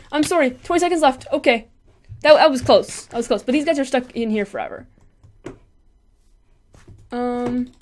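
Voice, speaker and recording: A woman with a high voice narrates her gameplay live. She is excitable, chattering to herself and taunting the other players as she goes. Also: slight background noise. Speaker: gaming channel host.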